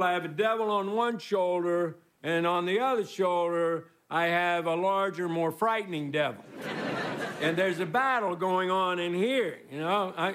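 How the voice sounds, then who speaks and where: Unhurried man rambling a stand-up monologue. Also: high voice, a little hiss or hum. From Texas. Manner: rambling, deadpan, self-mocking. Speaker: comedy show guest host. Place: stage before a live studio audience. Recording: roaring studio audience laughter.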